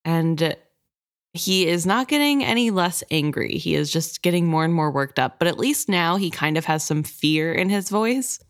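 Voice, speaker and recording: A woman co-hosting a book podcast, chatting about the story in a lively, opinionated way. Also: lowish voice, normal speed. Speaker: podcast co-host.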